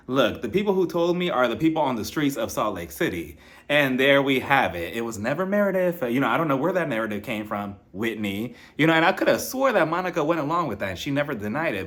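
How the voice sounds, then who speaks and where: A man with a medium-pitched voice casually recaps a reality TV episode with lots of animation. He acts out quotes and laughs often.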